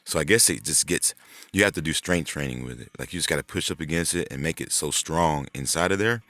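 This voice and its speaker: A man's voice: extremely low pitch, fairly quick, pushed and bright, no echo. A man hosting his own vlog, talking in a loose, rambling monologue full of swearing, fillers and restarts. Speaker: channel host.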